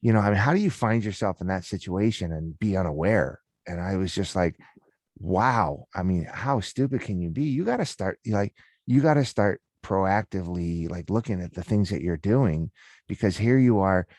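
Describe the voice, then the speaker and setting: A man's voice: low-pitched, expressive, moderate pace, a little mellow, no room sound, studio quality. A middle-aged man, a podcast guest, telling a personal story in casual, candid talk with many restarts.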